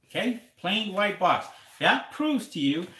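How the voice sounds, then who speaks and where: Guy doing a live q&a, rambles and repeats himself a lot, kinda sharp tone, echoey room. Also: sits high, big pitch swings, a little slow. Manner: rambling, repeats words, talks to viewers as guys. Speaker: livestream host answering seller questions. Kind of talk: casual live Q&A.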